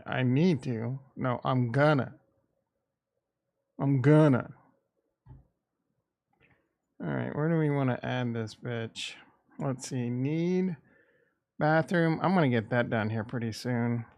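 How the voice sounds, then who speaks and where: Man, from the Midwest, gravelly voice, slow, rambling, irreverent livestream chat. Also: medium pitch, a little mellow. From American Midwest. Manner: rambling, irreverent, thinking aloud. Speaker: crypto and stock market streamer.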